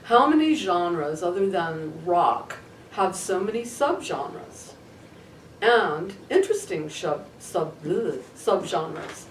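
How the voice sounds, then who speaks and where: A woman's voice: lowish voice, very animated, slow. Chatty, opinionated woman co-host. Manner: chatty, opinionated, playful teasing. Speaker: podcast co-host. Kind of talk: casual chat. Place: studio. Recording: roomy studio, distant mic, faint ambient noise.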